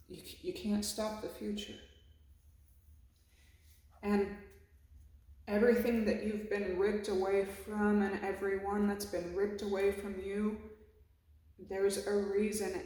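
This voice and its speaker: A woman's voice: mid-range voice, dark tone. A woman giving a casual, emotional tarot reading, swearing freely and speaking in a reflective way. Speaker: tarot reader. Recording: very echoey room.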